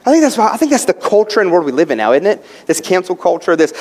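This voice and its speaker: A man with a high voice preaches in a church sanctuary, building passion and repeating his words. He keeps asking rhetorical questions. His voice rings with the long reverb of a large hall. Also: big pitch swings, quick pace, hardly any pauses, darkish tone. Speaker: pastor. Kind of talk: sermon.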